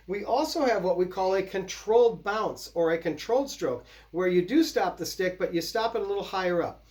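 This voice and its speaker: A drum teacher with a mid-range voice talks briskly through a casual, explanatory lesson, counting out patterns as he plays. Loud snare drumming fills the background.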